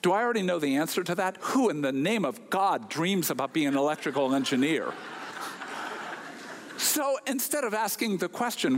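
A man delivers a story with a lesson to a gathered audience, his voice riding up and down in lively swings. He sits a touch higher than most men and sounds wry, throwing out rhetorical questions. A long hall reverb trails each phrase. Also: normal speed, slight background noise. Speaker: speaker addressing an audience. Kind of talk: storytelling talk with a moral.

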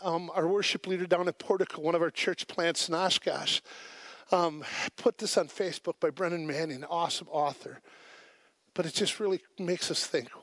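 Earnest pastor preaching with emphatic repetition. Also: male voice, sits high, no echo. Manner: earnest, emphatic, repeats key words. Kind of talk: sermon. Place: church service.

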